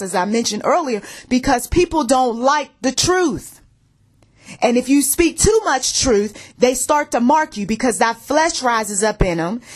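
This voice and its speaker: Woman preaching a plainspoken faith message. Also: fairly high pitch. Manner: conversational, keeps checking in with "okay?"; repeats phrases for emphasis. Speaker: faith-based audio message speaker.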